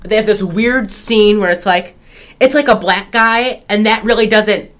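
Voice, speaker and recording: A woman's voice: mid-range voice, unhurried, fairly bright tone. A woman co-hosting a podcast, recapping a film in casual chat with many restarts and laughs. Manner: rambling, restarts, laughs often. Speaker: podcast co-host.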